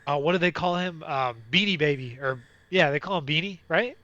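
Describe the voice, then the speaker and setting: Bright, dry-sounding man in sports chat. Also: a little high, a little fast, no room sound, muffled recording. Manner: rambling, many fillers and restarts. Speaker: podcast co-host.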